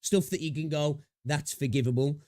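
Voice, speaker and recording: A man's voice: a little high, moderate pace, warm tone, dry recording, studio quality. A young British man hosting a gaming livestream, rambling and chatting with viewers, swearing freely. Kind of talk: casual livestream chat.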